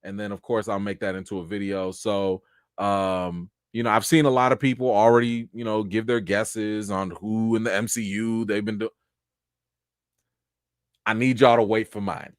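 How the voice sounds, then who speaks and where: A man's voice: lowish voice, little pitch movement, normal speed, dry recording, clean studio sound. A man hosting a casual live-stream review, talking straight to his viewers in slang. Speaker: TV series reviewer and live-chat host.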